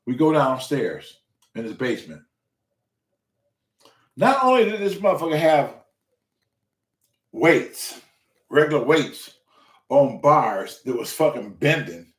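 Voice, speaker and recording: A man's voice: a little slow, long pauses. A man hosting a show, telling a story in casual, profane speech and acting out the quotes. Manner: animated, profane, acts out quotes with loud pitch jumps. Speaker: show host. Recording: echoey room.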